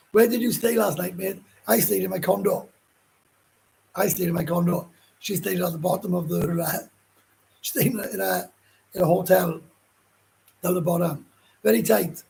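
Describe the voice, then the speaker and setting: Welsh man, gruff, gravelly, fairly high voice, casual livestream chat, blunt and rambling. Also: darkish tone, low-quality recording. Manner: rambling and blunt, with frequent swearing and restarts. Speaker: livestream host. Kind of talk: casual live chat reading viewer comments.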